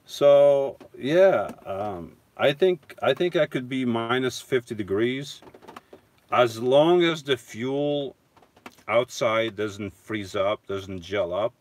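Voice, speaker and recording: A man's voice: mid-range voice, lively intonation, takes it slowly. A man casually chatting on a live stream from inside his van, reading viewer comments and answering in a rambling, self-correcting way with chuckling asides. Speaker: vlogger reading live chat.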